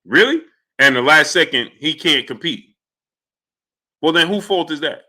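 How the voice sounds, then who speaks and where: In a slightly high voice at a measured pace, a livestream host greets his viewers by name. He's animated and heated, ranting as he calls out chatters.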